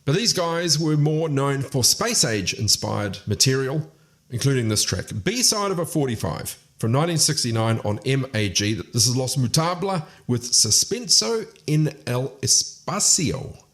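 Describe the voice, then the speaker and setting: A man's voice: medium pitch, big pitch swings, moderate pace. A man hosting a music radio show and podcast, chatting casually as he back-announces tracks and reels off band details. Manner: chatty, informative, runs through track details.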